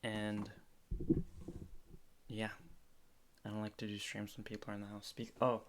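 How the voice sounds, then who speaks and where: A man's voice: fairly low pitch, monotone, unhurried, heavy background noise. A man chatting casually on a solo livestream from his room at home, rambling and correcting himself as he goes. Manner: rambling, self-correcting, jokey. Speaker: podcaster streaming live.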